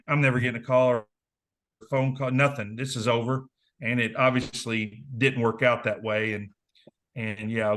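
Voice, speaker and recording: A man in his forties from southern Indiana spins stories from his playing days in a relaxed interview. He talks casually, in a mid-range voice. He acts out the people he quotes. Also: medium pitch. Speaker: interview guest, former basketball player. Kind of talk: casual storytelling.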